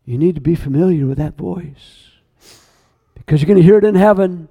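A man preaching a sermon, earnest and emphatic, repeating words and slowing down on key phrases. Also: a little high, vocal fry, dark tone, husky.

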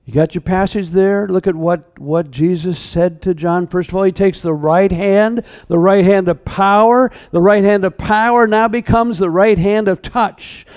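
A man preaching a sermon, earnest and emphatic, repeating words and slowing down on key phrases. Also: high-pitched, steady tone, darkish tone.

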